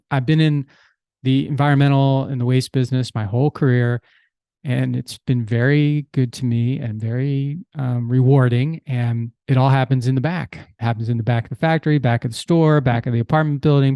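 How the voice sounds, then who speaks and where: A man's voice: medium pitch, steady tone, moderate pace, mellow, dry recording. Casual middle-aged male podcast host, plain mid-range voice, conversational storyteller, dry close mic. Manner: easygoing, with restarts and "you know".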